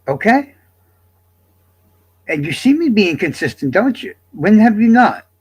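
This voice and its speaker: A man livestreaming, talking to his chat in a casual, profane, defensive rant that swings between loud and quiet. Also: high-pitched, sing-song, unhurried, slightly rough.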